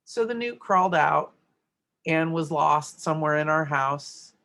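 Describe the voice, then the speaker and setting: A woman's voice: sits low, lively intonation, measured pace, fairly bright tone. A middle-aged woman teaching a grammar worksheet lesson, explaining step by step and checking in with "right?".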